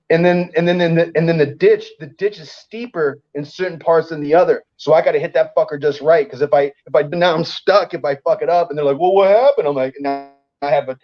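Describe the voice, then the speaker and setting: Comedian guy spinning a wild story, swears a lot, does all the voices, kinda muffled lo-fi sound. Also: a little high. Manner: profane, animated, acts out voices in his stories. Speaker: comedian guest. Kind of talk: casual storytelling.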